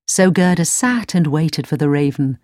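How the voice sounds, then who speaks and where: Calm woman reading a storybook. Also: low-pitched, normal speed, no echo, clean studio sound. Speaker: narrator.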